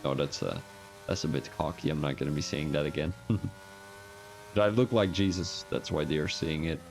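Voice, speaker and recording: A man's voice: a bass voice, steady tone, moderate pace, vocal fry, faint music behind. A man with a Belgian accent giving rambling, joking, self-mocking commentary on a live-streamed sim racing league.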